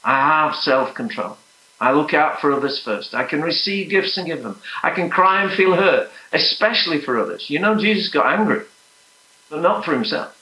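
A man's voice: a little high, lively intonation, moderate pace. Earnest male preacher in echoey hall. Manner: earnest, rising to emphatic peaks then dropping to soft prayer. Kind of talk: sermon.

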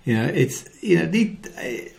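A man giving a devotional talk, telling the story with animated acted-out quotes and dropping to a soft hushed voice for key lines. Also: on the high side, moderate pace, gravelly, a little hiss or hum. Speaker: Christian speaker.

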